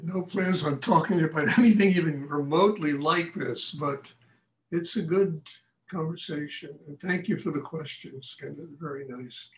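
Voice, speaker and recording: A man's voice: on the high side, moderate pace, echoey room, slight background noise, low-quality recording. An older man, a meditation teacher, speaking frankly and telling stories in a lecture and question session after a class. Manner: frank, animated storytelling.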